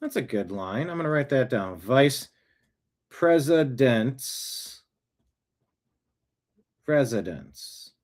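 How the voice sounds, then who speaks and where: A man's voice: medium pitch, very animated, takes it slowly, pauses often, a little mellow. A middle-aged man hosting a casual news commentary show, reading posts aloud with chuckles and asides. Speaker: host.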